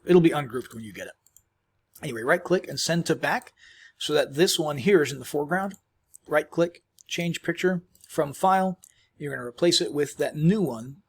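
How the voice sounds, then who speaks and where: A man giving a casual, rambling screen-recorded software tutorial, chewing as he talks, with many fillers and restarts. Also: on the high side, slightly rough. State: chewing while talking. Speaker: tutorial host.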